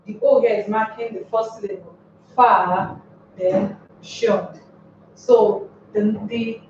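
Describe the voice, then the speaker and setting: Slow, echoey woman teaching stress rules. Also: mid-range voice, a little hiss or hum. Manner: spells words out and asks rhetorical questions. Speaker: English teacher. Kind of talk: classroom lecture on word stress. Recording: distant, echoey, dull lo-fi room sound.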